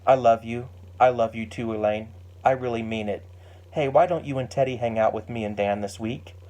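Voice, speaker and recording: A man's voice: medium pitch, fairly even intonation, moderate pace, a little mellow, lightly acted. A man reading an earnest young woman friend. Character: remorseful young woman, warm and eager friend.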